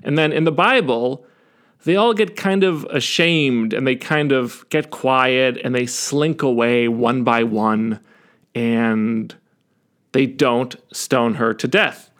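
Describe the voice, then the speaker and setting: A man's voice: slow, fairly bright tone. A man giving a sarcastic, mocking monologue as a vlogger, retelling fables with jokes and laughs. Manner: sarcastic and mocking, with sudden high jumps.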